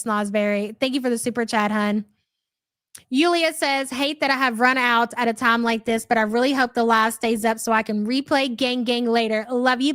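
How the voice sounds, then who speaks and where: A woman's voice: on the high side, a bit bright, no room sound. A woman hosting a live reaction stream, reading out chat messages in a blunt, profane, mocking way.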